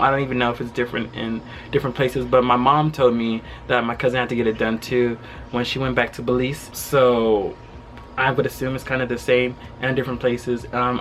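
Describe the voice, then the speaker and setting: A young man telling a travel story in a casual vlog from his home, animated and full of fillers. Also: medium pitch, a little hiss or hum. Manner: animated retelling with quoted voices, frequent fillers and laughs. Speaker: travel vlogger. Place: his home during quarantine.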